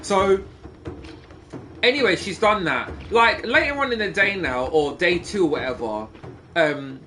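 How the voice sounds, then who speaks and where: A man's voice: high-pitched, lively intonation, unhurried, bright, forceful tone, a little hiss or hum. A man in his thirties, a gaming streamer rambling through a gossipy story and teasing his chat. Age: 30s.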